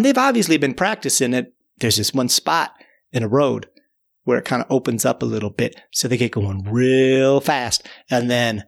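Gravelly and a bit creaky, this medium-pitched man tells a tall tale in an easygoing, animated way at normal speed. He meanders, repeats words, restarts, and keeps filling gaps with "you know."

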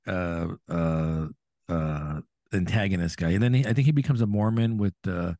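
A man co-hosting a podcast in casual chat, chatty and quick to laugh. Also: no room sound, studio quality. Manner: chatty, laughs often, animated pitch swings. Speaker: podcast co-host.

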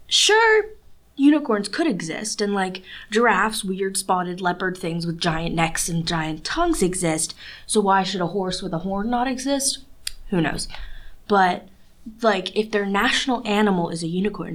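Teen girl student podcaster, chatty and bubbly, lots of fillers, mid pitch. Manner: chatty and animated, lots of "like" and "you know". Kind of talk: casual solo podcast monologue.

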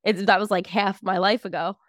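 A woman's voice: mid-range voice, steady tone, fairly quick, no room sound, clean studio sound. A woman in her twenties, a podcast guest telling a personal story in a chatty, filler-heavy way. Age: 20s. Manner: chatty, filler-heavy, acts out family dialogue. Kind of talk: casual storytelling.

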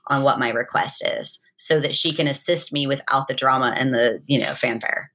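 A woman's voice: very deep voice, moderate pace, fairly bright tone. A woman in casual conversation, speaking earnestly and reflectively as a guest, often quoting herself and a friend.

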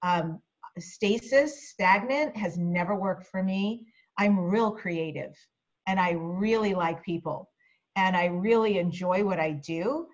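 A woman's voice: lowish voice, takes it slowly, dull audio. A woman being interviewed as a guest, chatty and reflective as she talks about her career. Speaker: interview guest, media coach. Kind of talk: casual interview chat.

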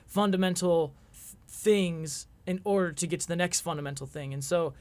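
A man in his twenties, appearing as a podcast guest, shares a personal story in an earnest, reflective way, often halting and starting over. His pitch is fairly high and his intonation fairly even.

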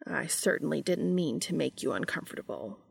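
A woman reading a storybook part as a reserved, formal grown man who speaks low and hushed, sometimes in a whisper. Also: animated, a little fast, gravelly, breathy edge, exaggerated voice. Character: reserved, formal adult man, quietly protective.

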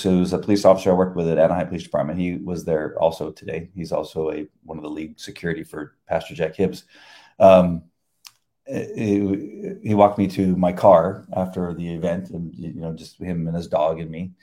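An older man, a retired police officer, talking about faith in a halting, reflective way with many restarts. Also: low voice, steady tone, warm tone. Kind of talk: casual faith conversation.

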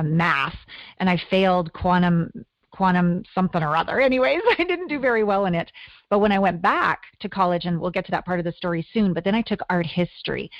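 A middle-aged woman from Canada, a guest telling her life story in an earnest, animated way. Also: lowish voice, dry recording. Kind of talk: interview storytelling. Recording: dull lo-fi audio.

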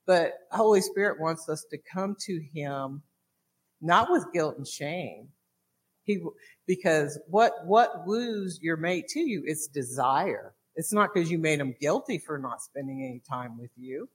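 A man preaching with earnest, quick delivery. His voice is husky and sits a little high. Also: expressive. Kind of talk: sermon.

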